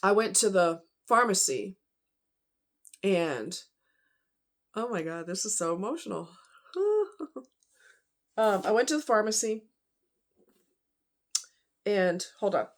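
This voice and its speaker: A woman's voice: mid-range voice, expressive, slow, pauses often. Emotional woman telling a personal story. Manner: emotional, tearful at times, rambling with fillers.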